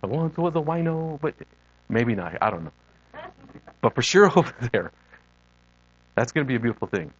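A man's voice: medium pitch, normal speed, pauses often, lo-fi sound, slight background noise. Earnest man preaching without notes. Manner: earnest storytelling, animated quoted voices. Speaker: lay preacher and missionary. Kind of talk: unscripted sermon with personal stories.

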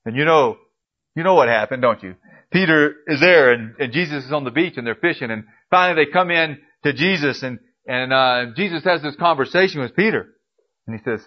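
A man preaching a sermon, pressing his listeners with repeated emphatic questions and swinging from quiet, low asides to loud, rising appeals. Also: animated, moderate pace. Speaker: pastor. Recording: dull lo-fi recording.

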